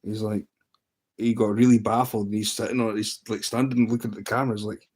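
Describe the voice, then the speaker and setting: A man's voice: lowish voice, flat delivery, quick pace, darkish tone. A man hosting a livestream, telling a story in a rambling, amused way with lots of restarts. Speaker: livestream host. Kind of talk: casual livestream chat.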